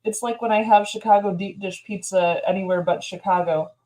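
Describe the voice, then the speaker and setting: A woman's voice: mid-range voice, steady tone, fairly quick, mellow, poor audio. A woman co-hosting a casual livestream, chatting wryly and laughing easily. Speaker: livestream co-host.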